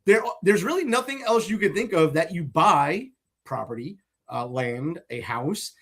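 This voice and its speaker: A man's voice: on the high side, expressive, unhurried, fairly bright tone, husky. A man co-hosting a political talk show, blunt and profane in his opinions. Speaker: co-host.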